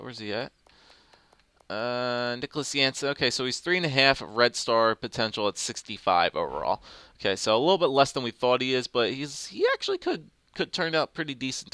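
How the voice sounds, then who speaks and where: A man's voice: fairly low pitch, sharp tone, clear, resonant tone, no echo. A young man giving casual, rambling gameplay commentary, thinking aloud with fillers as he goes. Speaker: gaming commentator.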